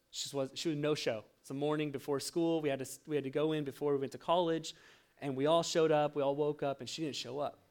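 A man's voice: fairly high pitch, clean tone. A young man preaching a sermon, telling a self-mocking personal story with laughter. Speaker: pastor.

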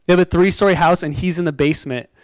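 High, clear-voiced young preacher. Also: male voice, fast talker, no room sound, rough recording. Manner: animated, chatty storytelling with frequent "like" and laughter. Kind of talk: sermon with personal storytelling.

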